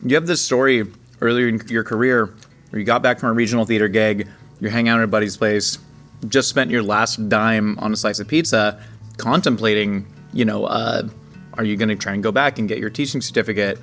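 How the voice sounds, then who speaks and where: A man's voice: on the low side, steady tone, fairly quick, fairly bright tone, soft background music. Playful male interview host. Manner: playful, prompting with researched questions. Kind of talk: casual interview over a meal.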